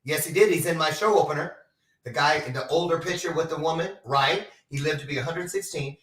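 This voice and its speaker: A man's voice: a little high, a little fast, a bit bright, distant mic. Chatty man hosting in an echoey room. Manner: chatty, scattered, fumbles with his screen. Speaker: talk show host. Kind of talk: casual chat. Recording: echoey room, away from the mic.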